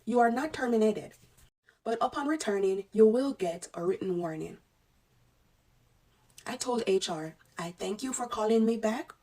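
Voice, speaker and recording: A woman's voice: on the high side, lively intonation, normal speed, pauses often, warm tone, distant mic. A woman telling a personal story in an emotional vlog, speaking with fervent, testifying conviction. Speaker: respiratory therapist sharing a story.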